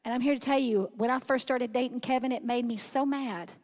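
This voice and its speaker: Woman preacher, high voice, animated, conversational sermon. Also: a little fast.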